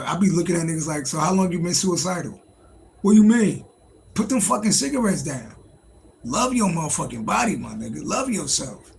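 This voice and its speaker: A man hosts a casual livestream, riffing and swearing freely as he answers his chat. His voice sits a little high and carries a gravelly fry. A faint room ambience hums behind him. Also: a little hiss or hum, low-quality recording. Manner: loose, profane, joking, talks to chat. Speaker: livestream host, tarot reader.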